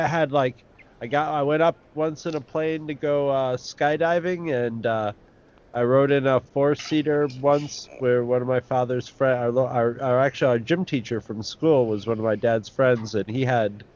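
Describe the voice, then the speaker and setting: A man hosting a comedy food podcast, talking in a relaxed, rambling way. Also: mid-range voice, moderate pace, lo-fi sound. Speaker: podcast host. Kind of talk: comedic casual chat.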